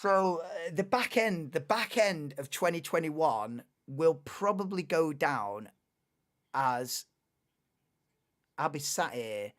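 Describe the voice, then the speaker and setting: A young woman hosting a live watchalong stream, chatting in a rambling, excitable way and laughing often. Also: rumbling low. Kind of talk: casual live watchalong chat.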